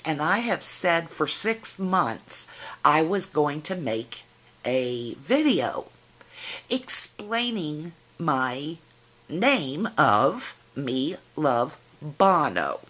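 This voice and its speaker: Speaking straight to her viewers in a casual vlog, a middle-aged woman with a drawl keeps her voice low and a bit bright. She takes her time, chatty and teasing in a folksy way.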